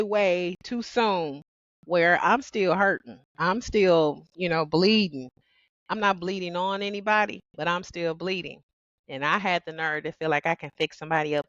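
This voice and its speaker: Woman hosting a reflective podcast, low-pitched and expressive, dry and muffled sound. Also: dry recording. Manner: expressive, laughs often, calls listeners "baby". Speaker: podcast host. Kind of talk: personal reflective monologue.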